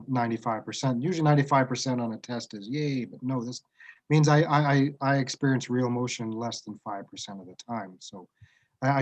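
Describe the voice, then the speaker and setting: A man's voice: medium pitch, poor audio. A middle-aged man from Canada talking frankly and reflectively about his diagnosis, often restarting his sentences. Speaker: guest sharing his autism diagnosis. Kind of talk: casual conversation.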